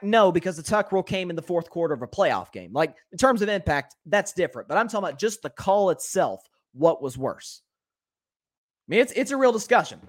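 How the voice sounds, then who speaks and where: A man hosting a solo sports talk show, giving animated and opinionated commentary and often repeating words as he thinks. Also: high voice. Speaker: sports podcast host.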